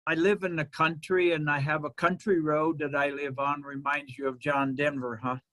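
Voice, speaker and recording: A man delivering a sermon as minister, in a slow, measured preaching manner with pauses. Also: fairly high pitch, level tone, fairly bright tone, no room sound.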